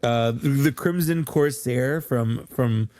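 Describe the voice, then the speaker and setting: A man co-hosting a podcast in relaxed, casual chat, loose and full of fillers and restarts. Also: medium pitch, slow pace, no room sound, studio quality. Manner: laid-back, loose, many fillers and restarts. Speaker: podcast co-host.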